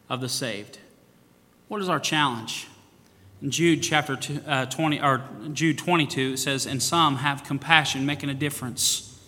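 Man, pastor, sermon, bright forceful voice, long church reverb. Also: mid-range voice. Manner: preaching with rising emphasis and scripture quotes.

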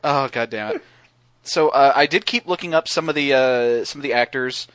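A man's voice: mid-range voice, moderate pace, a bit bright, no echo. A man chatting casually on a podcast, rambling with lots of fillers and restarts. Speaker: podcast guest co-host.

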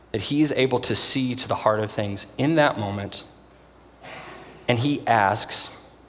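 A man preaching a sermon in an earnest, emphatic way, pausing for weight. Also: mid-range voice, long reverb tail. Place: church.

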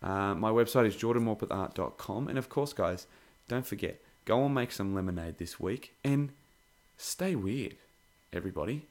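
A young man hosting a podcast, reviewing in a rambling, excitable way and swearing freely. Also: on the low side, normal speed. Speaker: podcast host.

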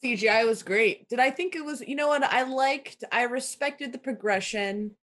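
A woman's voice: a little high, normal speed, a bit bright. A woman co-hosting a casual group podcast, rambling and playful. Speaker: podcast co-host.

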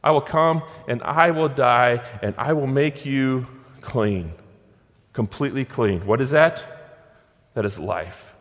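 A pastor preaching a sermon in an earnest way, repeating phrases for emphasis and telling personal stories. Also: male voice, medium pitch, unhurried, a bit bright. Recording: long hall reverb.

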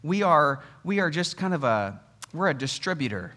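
A man in his thirties preaches in a church with a forceful, bright voice that sits a little high for a man. He tells his stories in a casual, chatty way and mixes in humor as he goes. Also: moderate pace. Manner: animated, conversational storytelling with humor. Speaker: pastor. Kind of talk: sermon.

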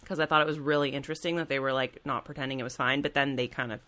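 A woman's voice: a bass voice, steady tone, racing, a bit bright. A woman co-hosting a podcast, chatting casually and animatedly retelling TV scenes. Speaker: podcast co-host. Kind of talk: casual chat.

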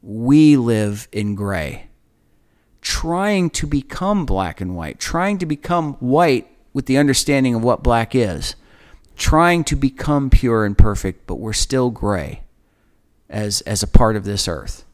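A man's voice: mid-range voice, very animated. Earnest man teaching scripture. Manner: reflective, earnest, emphatic pauses. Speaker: podcast host leading Bible study. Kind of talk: conversational Bible teaching.

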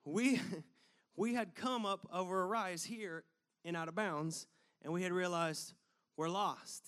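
A man with a notably high voice speaks to a live audience. He tells a personal story in a sermon-style talk, animated and casual, with many loose filler words. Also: unhurried, smooth. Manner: animated, conversational, lots of "like" fillers.

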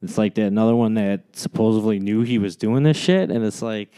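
A man's voice: fairly low pitch, a little fast, dark tone, clear, resonant tone. A man in casual podcast banter, stubbornly pushing an odd point and swearing freely.

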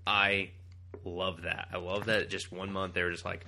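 A young man co-hosting a comics podcast in casual, animated chat, swearing freely and laughing often. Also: low-pitched, normal speed, a little hiss or hum. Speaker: podcast co-host.

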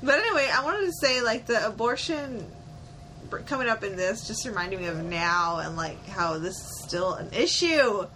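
A woman's voice: medium pitch, expressive, pushed and bright, slight background noise, low-quality recording. A young woman co-hosting a podcast, chatting casually and laughing as she recaps a show. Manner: chatty, laughs often, quick asides. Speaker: podcast co-host.

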